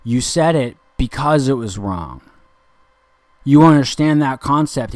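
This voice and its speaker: A man's voice: medium pitch, darkish tone, no echo. A young man talking in a rambling, confrontational monologue, intense and lecturing, circling back over the same points. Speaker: speaker addressing a listener.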